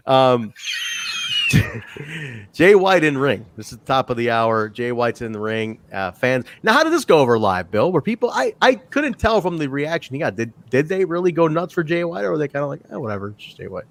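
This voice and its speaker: A man co-hosting a wrestling review podcast in casual chat, teasing the others and laughing often. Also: on the high side. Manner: animated, teasing, quick to laugh. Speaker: podcast co-host.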